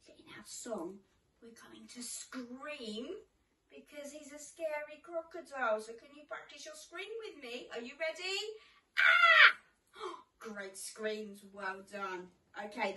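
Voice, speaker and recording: A woman's voice: fairly high pitch, measured pace, fairly bright tone, reverberant, recorded from a distance, rough recording. A British woman teaching toddlers in a sing-along lesson, with a sing-song, exclamatory, encouraging manner. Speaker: children's teacher.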